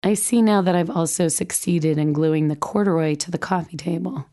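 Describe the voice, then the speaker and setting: A woman in her forties reads her memoir aloud, wry and self-deprecating. Her voice is low for a woman and mellow. She keeps a warm, unhurried reading tone. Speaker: memoir narrator, mother. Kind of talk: audiobook memoir narration.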